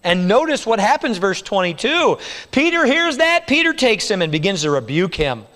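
A high-pitched male pastor preaching a sermon, dropping low and soft before climbing into emphatic bursts. His voice rings out with the long reverb of a large church sanctuary. The delivery is that of a practiced preacher teaching a congregation. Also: big pitch swings, moderate pace. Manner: preaching with swings from quiet to emphatic.

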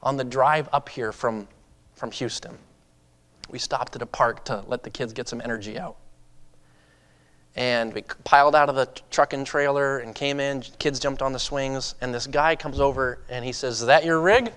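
A male preacher giving a sermon, swinging from impassioned urging to hushed personal storytelling. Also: fairly even intonation, moderate pace, clear, resonant tone, in a large hall. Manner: impassioned, rising in pitch and volume to urge; hushed and confessional when telling stories.

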